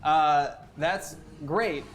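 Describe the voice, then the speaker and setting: A man's voice: fairly high pitch, very slow. A man running a tabletop game as game master, narrating scenes in an easygoing way and often laughing.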